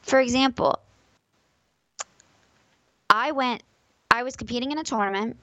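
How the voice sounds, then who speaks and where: A woman's voice: on the high side, a little slow, fairly bright tone, no echo, muffled recording. A woman who competes in fighting games, talking as a podcast guest in an emphatic way and repeating her key phrases. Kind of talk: casual podcast conversation.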